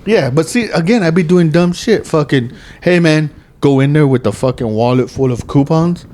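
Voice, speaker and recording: A man's voice: a little high, moderate pace, a little mellow. A man in his thirties hosting a podcast, rambling and joking with heavy swearing in casual chat. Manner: profane, rambling, jokey. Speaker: podcast host.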